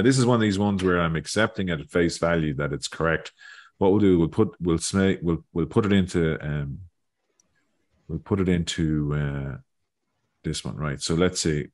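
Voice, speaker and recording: Deep-voiced man rambling through a lesson. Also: darkish tone. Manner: rambling, thinking aloud, repeating words. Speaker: Irish learning video host. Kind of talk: casual online lesson. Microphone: video call.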